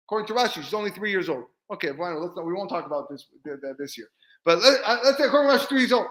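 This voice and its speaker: A man, a rabbi, teaching a weekly Torah class in a lively way, acting out bits of dialogue and often repeating words. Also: sits high, fast, echoey room, low-quality recording. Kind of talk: Torah lesson.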